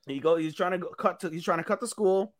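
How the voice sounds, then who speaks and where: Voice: medium pitch, quick pace. A podcast co-host retelling an anime episode in casual chat, crude and rambling, with plenty of swearing. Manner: crude, profane, rambling storyteller.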